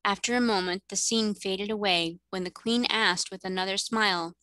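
A woman tutor reading a novel aloud in steady, clear storybook narration. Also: mid-range voice, normal speed, few pauses, no room sound.

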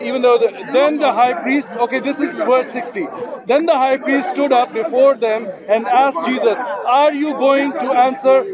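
A man debating religion outdoors, persistently reading scripture aloud to make his point. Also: extremely high pitch. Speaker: street preacher debater. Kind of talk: open-air religious debate. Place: outdoor park speakers' corner. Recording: dull outdoor recording with loud crowd. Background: loud crowd.

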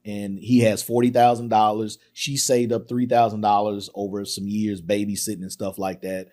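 A man hosting a podcast, excitedly retelling a film's scenes in casual talk, acting out the lines. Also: lowish voice, moderate pace. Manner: excited retelling with acted quotes, laughs often. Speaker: podcast host. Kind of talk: casual film discussion.

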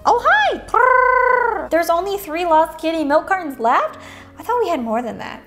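A woman's voice: very high voice, lively intonation, brisk, loud music behind the voice. A woman hosting a playful toy-unboxing video, sing-song and silly, sometimes dropping to a whisper.

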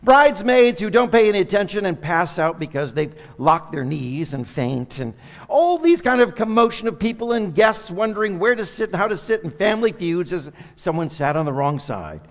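A middle-aged man preaching a sermon as pastor, swinging between hushed and loud, impassioned delivery. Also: sits high, very animated, normal speed. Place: church sanctuary. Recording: long hall reverb.

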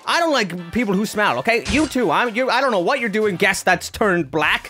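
A woman giving excitable gameplay commentary as a gaming YouTuber, often bursting into shrieks and yells. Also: fairly low pitch, fast talker, hardly any pauses, soft background music.

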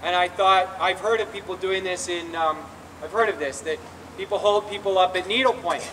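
Earnest high-voiced man speaking outdoors. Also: moderate pace, fairly bright tone, slight background noise. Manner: earnest and confessional, with frequent restarts. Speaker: speaker at a recovery rally. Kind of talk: personal testimony speech. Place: outdoor rally in a public square. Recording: distant outdoor recording with faint ambience.

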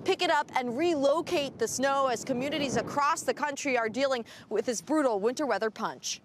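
A woman reporting live outdoors from deep snow, describing the scene vividly while walking. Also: brisk, slight background noise. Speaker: field correspondent.

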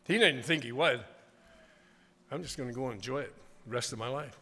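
A man preaching a revival sermon in a church, swinging from quiet asides to loud, emphatic declarations. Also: mid-range voice, moderate pace, slightly rough. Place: church sanctuary. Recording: long church hall reverb.

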